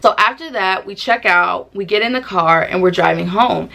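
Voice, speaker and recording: A woman telling a personal story to the camera in a casual, slangy, animated way, acting out what people said. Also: mid-range voice, moderate pace, gravelly, few pauses. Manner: animated, slangy, acts out quotes. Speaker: storytime vlogger.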